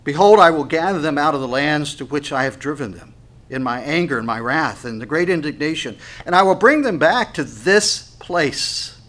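A man preaching a sermon, reading scripture aloud with rising force and dropping low for asides to the congregation. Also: lively intonation, normal speed, a bit bright. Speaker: pastor.

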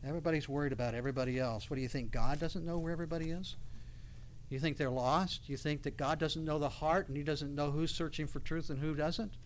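A man's voice: on the high side, steady tone, fast, slight background noise. A man preaching a sermon, reading scripture aloud and building to passionate, raised outbursts. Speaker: pastor.

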